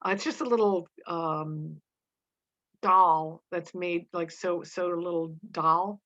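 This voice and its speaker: Woman teacher reading and explaining a play; casual, halting, bright and somewhat low voice, dull lo-fi recording. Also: steady tone. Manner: casual, halting, with many fillers and restarts. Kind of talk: reading a play aloud with commentary.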